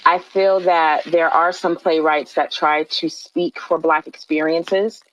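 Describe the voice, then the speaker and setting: A woman, a playwright, answering on a podcast in an earnest, thoughtful way with frequent pauses and fillers. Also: low-pitched, fairly even intonation, slight background noise, poor audio. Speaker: playwright guest.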